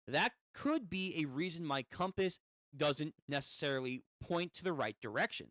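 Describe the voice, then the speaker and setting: A man's voice: a little high, animated, normal speed, a bit bright, no room sound, studio quality. A man casually reading a comic aloud and reacting as he goes, swearing often. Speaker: comic read-through host.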